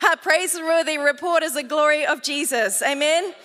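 Speaking at a normal pace in a high, fairly bright voice, an Australian woman pastor weaves humorous tales of family life into her scriptural sermon, calling out to her listeners. Long reverb from the hall fills the recording.

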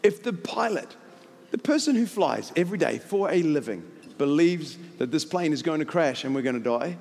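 New pastor preaching in a reverberant hall. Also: male voice, a little high, moderate pace, creaky. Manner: animated, jokey storyteller who shouts into loud climaxes. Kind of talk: sermon with storytelling.

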